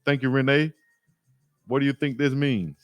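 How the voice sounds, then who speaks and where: A man's voice: mid-range voice, moderate pace, dry recording, soft background music. Man chatting on a livestream. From Alabama. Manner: slangy, animated storytelling, reads chat aloud. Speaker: sports YouTube host. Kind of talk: livestream chat reading comments.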